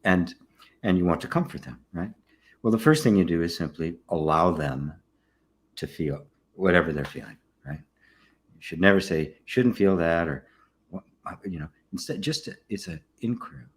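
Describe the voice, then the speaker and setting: An older man, a spiritual teacher, giving a relaxed satsang talk, often checking in with "right?" and soft laughs. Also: deep voice, moderate pace. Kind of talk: satsang talk, answering questions.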